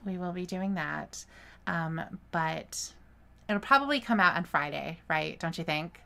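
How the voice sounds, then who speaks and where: A woman co-hosting a podcast, chatting casually and laughing often. Her voice is lowish and gravelly, with a bright, edgy tone. She teases her co-host in a relaxed way. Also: measured pace. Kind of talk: casual chat on a live stream.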